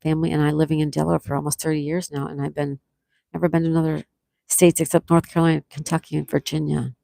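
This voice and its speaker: A woman's voice: deep voice, little pitch movement, fast talker, vocal fry, mellow, no room sound. A woman with a Buffalo, New York accent hosting a casual live stream, chatting and reading viewers' comments aloud before answering them. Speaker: livestream host.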